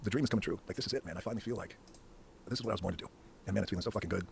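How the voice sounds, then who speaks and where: A middle-aged man telling his story as a podcast guest, fast and emphatic, swearing freely and restarting phrases as he goes. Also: low voice, creaky, slight background noise. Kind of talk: animated storytelling in a podcast interview.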